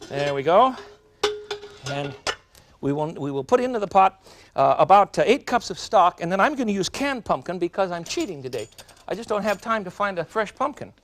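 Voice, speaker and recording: A man hosts a cooking show from a studio kitchen, chatting folksily to the viewers as he demonstrates a recipe. His voice sits a little high and swings widely in pitch, animated throughout. A faint background noise runs under the recording. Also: moderate pace.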